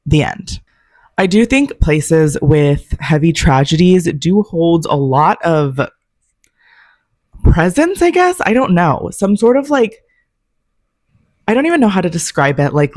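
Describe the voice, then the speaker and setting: A woman's voice: low-pitched, a little mellow, dry recording. A woman hosting a podcast, reading listener ghost stories aloud and adding chatty, wry comments of her own. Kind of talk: narrating ghost stories with casual asides.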